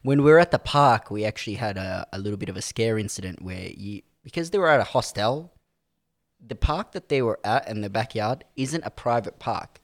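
A man's voice: lowish voice, a little fast, dry recording. Dry-voiced young man telling a story. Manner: animated storyteller, acts out quotes, laughs often. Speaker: podcast co-host. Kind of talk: casual storytelling chat.

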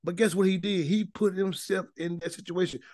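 A man's voice: sits high, steady tone, brisk, darkish tone, dry recording. A man leading an informal Bible study, preaching in a folksy, emphatic way and often repeating words as he builds a point. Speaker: Bible teacher.

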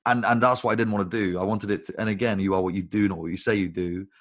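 A man with a very deep, low voice talks casually on a video call interview. He rambles through animated stories, swears freely and keeps things conversational. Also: quick pace. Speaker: guest, recruitment business founder.

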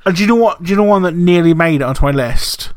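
A young man co-hosting a podcast, chatting casually with laughter, swearing and animated retellings. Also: high voice, fast, no room sound, clean studio sound. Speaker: podcast co-host.

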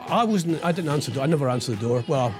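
Man, middle-aged radio host, lively up-and-down delivery, sarcastic asides, music underneath. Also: on the high side, very fast. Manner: rambling asides with frequent tag questions; sarcastic about politics. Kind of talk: casual radio talk reading out news items.

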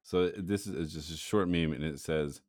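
A man's voice: rumbling low, moderate pace, a little mellow, dry recording. A man co-hosting a casual podcast, telling stories in a laid-back, rambling way with lots of fillers. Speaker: podcast co-host. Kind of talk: casual chat.

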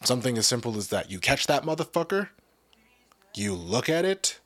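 A man's voice: mid-range voice, sing-song, normal speed, a bit bright. A young man hosting a podcast, giving a casual, profane, rambling motivational talk full of restarts. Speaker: podcast host.

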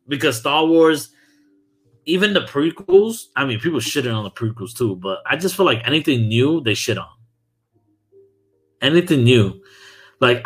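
A young man from Brooklyn, hosting a podcast in a loose, profane, animated chat and laughing often. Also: mid-range voice. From Brooklyn, New York. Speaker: podcast host. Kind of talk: casual chat.

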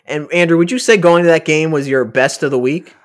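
A man's voice: on the high side, a little fast. A man hosting a podcast in casual chat, steering the segments with brief quips. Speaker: podcast host.

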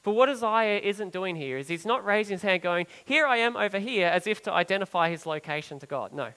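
A man preaching a sermon as pastor, earnest, building up for emphasis and then dropping soft and low on key phrases. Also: brisk, clean tone, big-room sound, low-quality recording.

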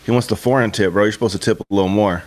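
A man's voice: lowish voice, very fast, darkish tone. Laid-back slangy man chatting. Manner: laid-back, slangy, says bro and dude a lot. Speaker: podcast co-host. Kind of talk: casual chat.

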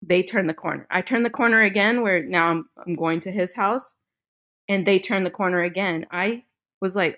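A young woman podcast host telling a story in a casual chat, animated and laughing often, with some swearing. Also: mid-range voice, normal speed. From Midwestern United States.

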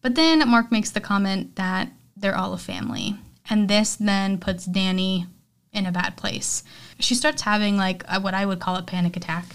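A woman's voice: medium pitch, steady tone, normal speed. Chatty woman recapping a film. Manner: chatty, filler-heavy retelling with acted quotes. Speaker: podcast host. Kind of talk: casual movie recap.

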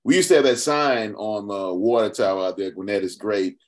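A man hosting a podcast interview, talking in an expressive, reflective way with many restarts. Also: lowish voice, a little fast. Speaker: podcast host. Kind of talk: conversational interview.

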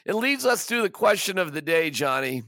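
Male podcast host, forceful bright tone, emphatic frustrated delivery. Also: on the high side, big pitch swings, moderate pace, gravelly, no room sound, studio quality. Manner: exasperated, emphatic, stammering restarts. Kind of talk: casual sports rant.

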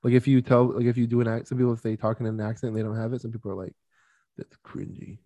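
A man in his thirties co-hosting a podcast in casual chat, chatty and quick to laugh, often acting out quotes. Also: medium pitch, level tone, mellow. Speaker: podcast co-host.

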